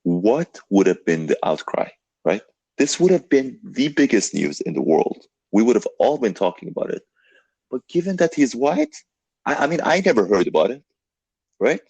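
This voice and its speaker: A young man hosting a casual podcast chat, telling a story in an animated way, full of "like" and "dude". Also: mid-range voice, moderate pace, husky, no echo. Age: young adult. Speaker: podcast host.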